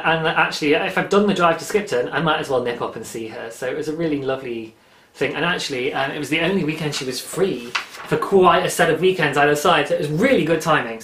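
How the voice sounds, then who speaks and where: A man's voice: fairly high pitch, a bit bright. Chatty English man in an echoey room. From England. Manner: rambling, chatty, self-interrupting. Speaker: podcast host. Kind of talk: casual chat.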